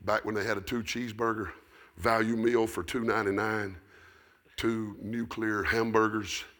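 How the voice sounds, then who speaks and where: A middle-aged man with a Southern American accent preaching a sermon, telling folksy stories that build up into shouted preaching. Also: lowish voice, little pitch movement, moderate pace. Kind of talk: storytelling sermon.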